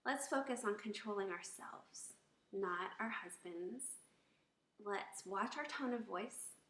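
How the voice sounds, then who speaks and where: A woman's voice: medium pitch, slow, a bit bright, a little hiss or hum. Woman advising wives on tone; demos each phrase; roomy echo. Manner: demonstrates tones by acting out examples. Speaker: marriage advice speaker. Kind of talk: instructional talk to wives.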